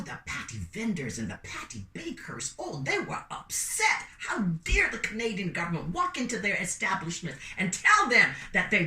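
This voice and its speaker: Lively woman storyteller, roomy sound. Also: mid-range voice, distant mic. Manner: lively, playful, calls out to listeners. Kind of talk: animated oral storytelling. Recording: roomy sound from away from the mic.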